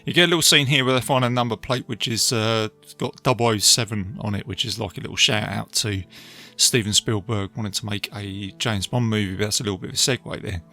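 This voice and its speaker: A man hosting a podcast, casually retelling a film with animated asides to his listeners. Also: on the low side, brisk, faint music behind. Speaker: podcast host reviewing a film. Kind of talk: casual film review talk.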